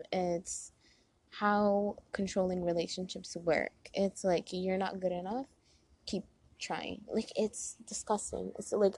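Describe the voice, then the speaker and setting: A young woman talks straight to her viewers with a slightly husky, breathy voice. Her pitch sits in a middle range for a woman. The sound is dry and close. Her delivery is casual and earnest, with frequent filler words as she gives relationship advice. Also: warm tone, no echo. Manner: chatty, earnest, many "like" fillers. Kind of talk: casual talk to camera.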